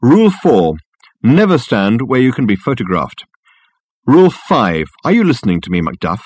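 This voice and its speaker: A man voicing a smug, eccentric male private detective who lectures in a pompous, crisp way. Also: mid-range voice, big pitch swings, normal speed, a little mellow, dry recording, clean studio sound. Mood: lecturing.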